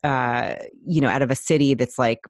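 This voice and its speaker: A woman's voice: rumbling low, fairly even intonation, moderate pace, no room sound, studio quality. A woman guest on a podcast, talking with earnest enthusiasm and laughing often. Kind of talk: casual chat.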